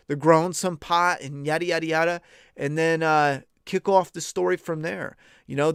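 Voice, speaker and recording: A man's voice: a little high, clean tone, no room sound, clean studio sound. A man hosting a casual stream, talking bluntly and profanely in a rambling way. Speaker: podcast host. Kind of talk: casual live-stream chat.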